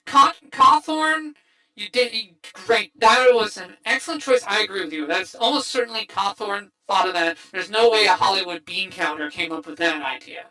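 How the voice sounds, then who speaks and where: A woman hosting a casual livestream movie chat, excitable and rambling with many restarts. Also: mid-range voice, a little fast, hardly any pauses, rough recording. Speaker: streamer host.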